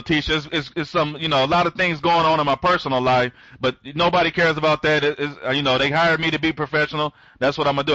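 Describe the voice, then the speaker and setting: A man with a fairly high, bright voice runs an online training session and rambles from one thought to the next. He restarts his sentences constantly and greets listeners by name. The audio is dull and lo-fi. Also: no echo. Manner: speeds up when excited. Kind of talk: live online training talk.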